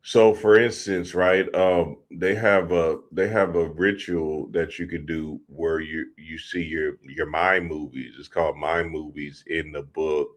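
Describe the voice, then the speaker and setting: A man's voice: very deep voice, flat delivery, unhurried, few pauses. A man hosting a spiritual talk show, mixing teaching with laid-back, laughing, slangy asides.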